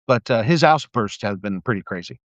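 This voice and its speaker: A man's voice: lowish voice, a little fast, no echo. A middle-aged man talking casually on a live stream, telling stories and acting out quoted people in a raised voice. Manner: animated storytelling, acts out quotes in a raised voice. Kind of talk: casual monologue. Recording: slightly dull lo-fi sound.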